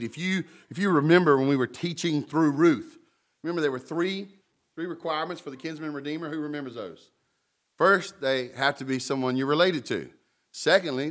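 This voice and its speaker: A man pastor preaching a sermon in a conversational way, with humorous stories and asides between scripture readings. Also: on the high side.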